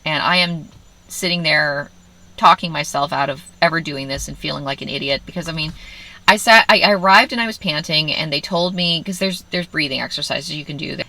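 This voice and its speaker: A woman telling a personal story in a casual vlog, animated and self-mocking, often quoting her own inner voice. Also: sits low, low-quality recording. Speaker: vlogger.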